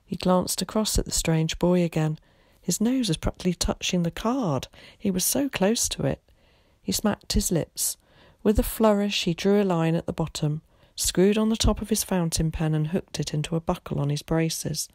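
A woman teacher reading a children's novel aloud in a calm, measured way. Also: sits low, no echo, studio quality. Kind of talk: storybook read-aloud.

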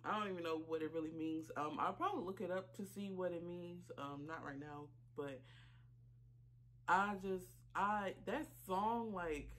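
A woman reaction vlogger, talking casually while choked up and tearful, halting with many fillers and apologies. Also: fairly low pitch, a bit bright. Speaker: YouTube reaction channel host. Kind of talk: casual reaction vlog talk.

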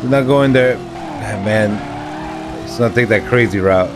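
A man streaming a retro driving game, excitably talking to the game and getting frustrated as he plays. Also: lowish voice, a little slow. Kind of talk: live gameplay commentary. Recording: noisy with game car sounds.

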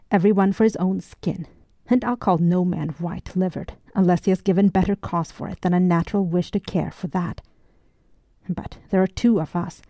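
A woman reading the lines of a blunt, hot-tempered male sea captain in an audiobook, in a gruff and brash manner. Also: lowish voice, warm tone, dry recording, studio quality.

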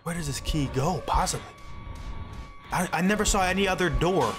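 A man's voice: a little high, lively intonation, moderate pace. A young man commentating a horror game let's play, talking to the game characters and yelping and swearing when he gets startled. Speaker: gaming YouTuber. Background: game music.

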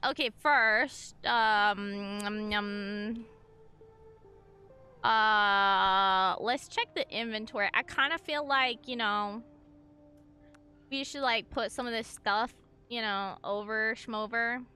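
A young woman chats through a game stream in a high, bright voice. She talks slowly, with bubbly, excitable bursts aimed at her chat. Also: clear, resonant tone. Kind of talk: gameplay commentary.

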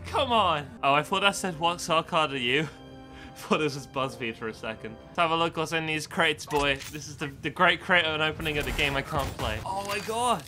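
A man giving casual, excitable commentary over his own gameplay, swearing and yelling at the game. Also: fairly high pitch, moderate pace, soft background music. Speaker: gaming video host.

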